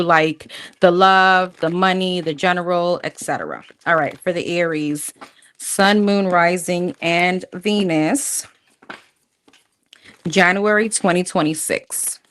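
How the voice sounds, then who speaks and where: A woman's voice: lowish voice, steady tone, slow, fairly bright tone. A woman doing a live tarot reading, talking bluntly and casually, swearing freely and calling her viewers honey. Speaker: tarot reader.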